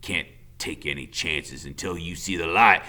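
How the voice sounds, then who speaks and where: A man voicing a cold, volatile convict father who drawls low and then barks loud threats. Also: unhurried, heavily acted. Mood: menacing.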